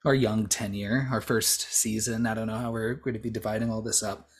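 A man's voice: fairly low pitch, level tone, a little fast. A man in his thirties hosts a casual podcast chat. He rambles along, leaning on fillers and restarting his sentences as he goes. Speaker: podcast host.

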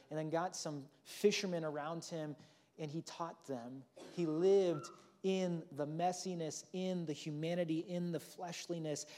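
Man, pastor, sermon, earnest, repeats key lines, a bit high-pitched. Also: a little mellow. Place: church.

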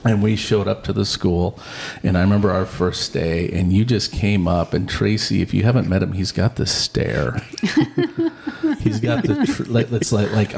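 A man co-hosting a podcast interview, telling stories in a lively way and laughing often. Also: on the low side, moderate pace, gravelly, a little hiss or hum. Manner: animated storyteller, laughs often, acts out quotes. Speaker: podcast co-host. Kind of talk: casual interview chat.

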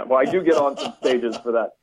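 A man, a pastor and author, talking as a guest on a radio interview in a measured, explanatory way over a narrow, phone-like line. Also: mid-range voice, over a noisy crowd.

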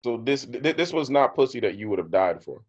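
A man's voice: mid-range voice, big pitch swings, a little fast. A man making blunt, joking comments in casual chat and swearing freely. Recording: dull lo-fi sound, a bit off-mic.

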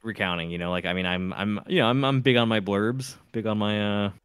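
A man with a very deep, smooth, resonant voice chats on a stream. He hedges a lot and stammers over his words. The recording is dry and close to the mic. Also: a little fast, a bit bright, dry recording. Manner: hesitant, stammering, hedging with "I mean". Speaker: podcast co-host. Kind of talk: casual stream chat.

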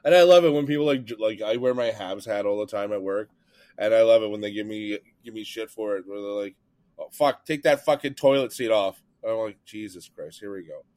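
A man's voice: on the low side, quick pace, dark tone, no room sound. A Canadian man co-hosting a podcast, ranting and swearing freely about hockey rivalries in casual chat. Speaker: podcast co-host. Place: home, just out of bed.

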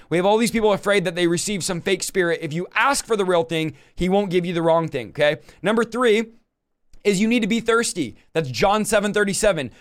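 A man preaching energetically on a livestream from his desk, quoting scripture and laying out numbered steps. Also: sits high. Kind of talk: livestream teaching. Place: home desk.

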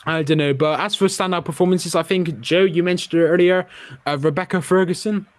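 A man's voice: sits high, fairly even intonation, fairly quick, no echo. A man hosting a podcast, chatting casually and jokily as he gives his opinions on a film. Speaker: podcast host. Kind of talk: casual film review chat.

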